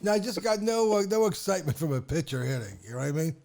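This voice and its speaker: Male podcast host, gravelly, slightly high-pitched, rambling and jokey sports banter. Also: big pitch swings, fast, darkish tone. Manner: rambling, jokey, trails off and restarts. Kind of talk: casual sports chat.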